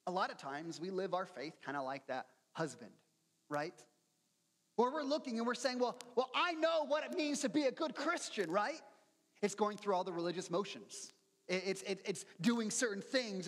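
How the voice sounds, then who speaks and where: Middle-aged male pastor, high voice, conversational sermon, long reverb. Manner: conversational, earnest, repeats words when starting sentences.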